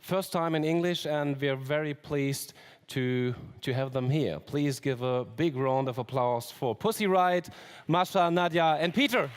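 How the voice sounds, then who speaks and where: Halting male moderator in a reverberant hall. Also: a little high, clear, resonant tone. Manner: halting, with fillers and restarts. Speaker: panel moderator. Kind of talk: live stage interview. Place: convention stage in a large hall. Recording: long reverb of a large hall.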